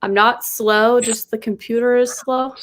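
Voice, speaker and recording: A woman's voice: fairly high pitch, fairly even intonation, measured pace. A woman guest writer on a video call, chatting casually, hesitant and rambling as she thinks aloud. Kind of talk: casual chat.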